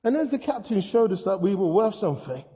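An older man delivers a sermon, a high voice with a mellow, relaxed tone. He spins stories with humor and animated asides. The recording is dull and muffled, with a long echo from the hall. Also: fast talker. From England. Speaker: preacher. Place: church hall. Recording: muffled sound in a reverberant hall.

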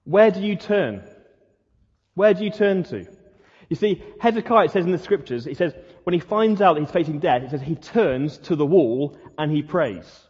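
A man's voice: fairly high pitch, expressive, moderate pace, darkish tone, breathy edge. A male pastor giving a sermon in an earnest way, asking his listeners the same questions again and again. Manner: earnest, repeats rhetorical questions. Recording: muffled sound with long hall reverb.

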